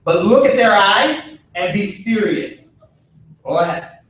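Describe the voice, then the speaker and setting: A man's voice: high-pitched, animated, slow, fairly bright tone. A man teaching a martial arts self-defense class to kids, giving firm, repetitive instructions. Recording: echoey gym from far off.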